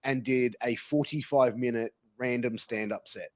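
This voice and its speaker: A man's voice: mid-range voice, fairly even intonation, moderate pace, noisy background. A man hosting a casual interview, swearing freely and calling his guest bro. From Australia. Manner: matey, swears casually, says bro and dude. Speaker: podcast host.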